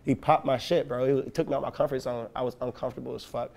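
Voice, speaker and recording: Young rapper guy from chicago, talks fast, gravelly voice, cussing and acting out every story. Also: medium pitch. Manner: profane, animated storyteller acting out quotes. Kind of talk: casual interview storytelling.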